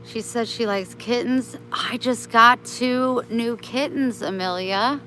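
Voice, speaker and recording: A woman on a casual live stream who talks slowly and gently, with a bright, forward voice. She speaks kindly and motherly to her viewers and her pets. Faint outdoor noise sits behind her. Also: a little high, low-quality recording. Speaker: vlogger chatting with live viewers.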